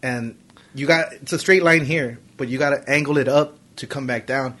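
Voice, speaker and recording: A man's voice: medium pitch, moderate pace, fairly bright tone. A man telling stories in loose, profane casual chat, acting out his friends' banter.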